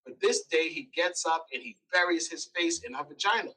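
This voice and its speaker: A man as an interview guest telling a personal story, animated, acting out quoted lines. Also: on the high side, fairly quick, recorded from a distance, slight background noise, rough recording.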